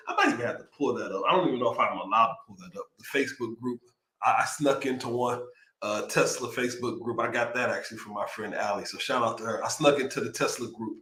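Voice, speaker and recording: A man hosting a live show, talking in a loose, rambling, excitable way. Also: medium pitch, fast, echoey room. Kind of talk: casual livestream talk. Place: home streaming setup near Austin, Texas.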